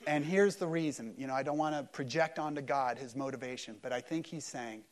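A man preaching an Easter sermon at a church service, swinging between loud emphatic peaks and hushed, quiet lows. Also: a little fast, hardly any pauses. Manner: acts out quoted voices in prayer-like dialogue. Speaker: pastor.

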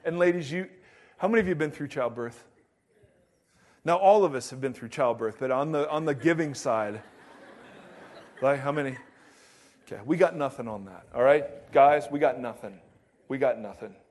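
A man preaching a sermon to his congregation, reading scripture aloud and joking with the crowd in an animated way. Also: medium pitch, moderate pace, pauses often. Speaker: pastor.

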